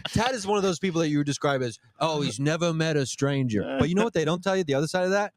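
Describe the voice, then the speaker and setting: A man's voice: high voice, very fast, slight background noise. A man co-hosting a comedy podcast, casually chatting and asking playful follow-up questions. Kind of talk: casual chat.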